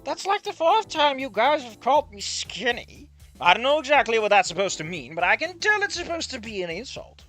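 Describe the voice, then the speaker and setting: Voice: mid-range voice, sing-song, brisk, sharp tone, soft background music. A streamer voicing an insecure young man in a game, hesitant and stammering. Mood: hurt. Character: insecure young male protagonist, awkward and meek.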